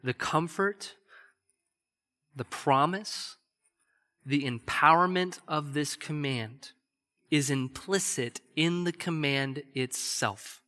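A man preaching a sermon as pastor, earnestly, shifting between quick emphatic bursts and slow, hushed stretches. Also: a little high. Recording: long hall reverb.

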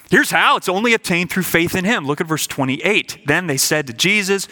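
A man delivers a sermon as a pastor, his voice bright and forceful and pitched a bit above the usual male range. He asks his listeners question after question. He often repeats a word as he leans into a point. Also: moderate pace. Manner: earnest, questioning, repeats words when emphasizing.

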